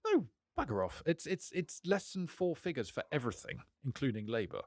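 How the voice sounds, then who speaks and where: A man's voice: fairly high pitch, sing-song, fairly quick. A man with a British accent co-hosting a podcast, rambling and self-deprecating in casual banter, laughing often. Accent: British English. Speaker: podcast co-host.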